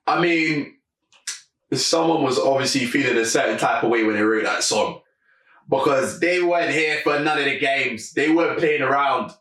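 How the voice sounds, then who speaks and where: A man's voice: medium pitch, normal speed, a bit bright, far from the mic. A man hosting a music reaction video, thinking aloud in casual commentary with lots of fillers. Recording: echoey room, away from the mic.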